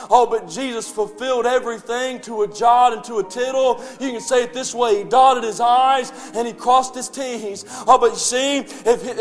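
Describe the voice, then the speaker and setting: A man preaching a sermon as pastor, in a chanting, sing-song style that rises to shouts. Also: very high voice. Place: church sanctuary.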